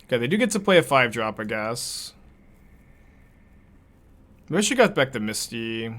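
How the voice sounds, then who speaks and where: A young man talking through a card game as he plays, musing aloud and chuckling between moves. His voice is bright and forward, at a middle pitch, loose and conversational. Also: very animated, normal speed. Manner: chatty, laughs often, thinks aloud. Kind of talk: casual gameplay commentary.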